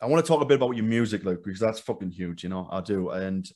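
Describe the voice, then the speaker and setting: A man's voice: low voice, lively intonation, quick pace, darkish tone. A man hosting a casual chat, enthusiastic and swearing freely, often tripping over his words. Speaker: podcast host. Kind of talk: casual conversation.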